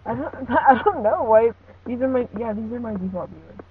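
A woman's voice: a little high, animated, brisk. A woman hosting a casual podcast, joking around and laughing often. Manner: giggly, jokey, laughs often. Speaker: podcast host. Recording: tinny phone-like audio with faint hiss.

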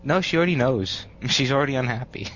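A man's voice: medium pitch, quick pace, fairly bright tone. A young man with a stuffy nose, chatting casually and joking at his own expense. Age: young adult. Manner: laid-back and self-mocking, laughs often. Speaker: podcast co-host. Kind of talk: casual group chat over mics. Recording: dull lo-fi mic with faint hum.

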